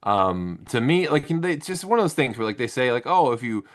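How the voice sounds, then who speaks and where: A man hosting a casual panel chat, telling stories in an animated, profane way. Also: mid-range voice, brisk.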